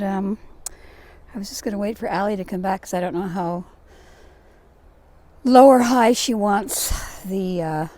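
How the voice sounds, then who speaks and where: A woman's voice: medium pitch, dark tone. An older woman with a Scottish accent chatting casually while working outdoors in a garden, rambling a little and poking fun at herself. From Scotland. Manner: chatty, rambling, self-deprecating. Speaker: gardening vlogger.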